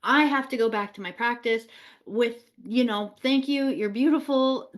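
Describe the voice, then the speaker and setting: A woman voicing a male sage torn from his devotion, talking in a flustered, hurried way in a spoken story. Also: on the high side, natural voice.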